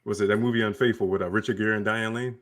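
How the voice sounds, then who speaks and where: A man's voice: lowish voice, steady tone, rapid-fire. Blunt, profane man in casual chat. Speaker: podcast co-host.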